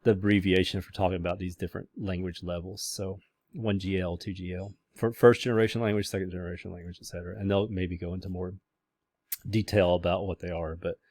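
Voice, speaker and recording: A man's voice: sits low, steady tone, quick pace, darkish tone, no echo. A man lecturing a class in a casual, rambling way, with many fillers and restarts.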